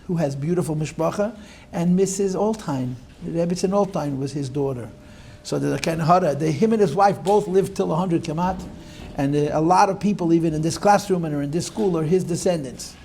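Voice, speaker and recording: A man's voice: high voice, creaky, mellow, a little hiss or hum. An older man teaching a class, telling stories with digressive, wry asides.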